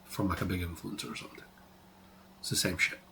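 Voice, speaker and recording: A man's voice: low voice, little pitch movement, fast talker, vocal fry, sharp tone, a little hiss or hum. A man teaching trading on a live stream, talking casually, swearing freely and saying "like" a lot. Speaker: trading educator.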